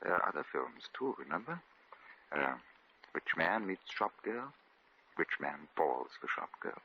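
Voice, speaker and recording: A man's voice: extremely low pitch, very animated, a little slow, sharp tone, slight background noise, heavily acted. An actor playing a genteel, lovestruck English lord in a 1950s radio drama, fussy and stammering as he dotes on his sweetheart. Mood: doting. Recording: dull old radio recording.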